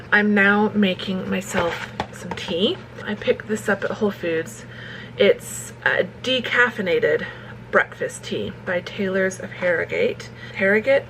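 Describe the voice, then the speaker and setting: A woman talks casually to her camera at home, her voice sitting in a middle pitch. She rambles from thought to thought and laughs easily. A faint hiss runs beneath her words. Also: pushed and bright, rough recording. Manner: chatty, rambling, laughs often. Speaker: romance author vlogger. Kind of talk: casual vlog chat. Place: at home, kitchen.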